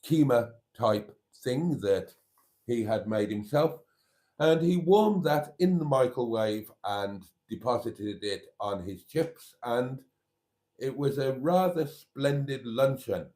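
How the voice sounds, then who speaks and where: Man, live-stream host, unhurried delivery, warm mellow tone, chatty and rambling. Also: mid-range voice, lively intonation. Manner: chatty, rambling, reads viewer comments aloud. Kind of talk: casual live-stream chat.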